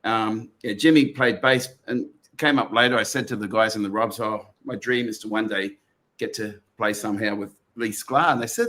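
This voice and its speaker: A man's voice: on the low side, moderate pace, bright, forceful tone. A middle-aged man with an Australian accent, co-hosting a casual chat and telling long stories with many restarts. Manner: rambling storyteller with many restarts. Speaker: podcast co-host.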